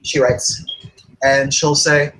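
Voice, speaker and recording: A man playing in a tabletop game, haltingly describing what his character does. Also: mid-range voice, little pitch movement, a bit bright, a little hiss or hum, rough recording. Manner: halting with fillers. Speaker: tabletop player.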